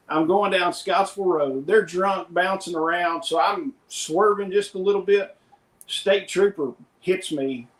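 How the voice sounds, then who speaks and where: A man's voice: high voice, roomy sound, rough recording. A middle-aged man co-hosting a podcast, telling rambling anecdotes in casual chat and quoting others in his plain voice. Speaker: podcast co-host.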